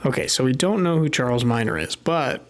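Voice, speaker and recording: A man's voice: medium pitch, big pitch swings, brisk. A man live-streaming a puzzle game, thinking aloud and muttering to himself as he works things out at his desk microphone. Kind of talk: casual live-stream commentary while gaming.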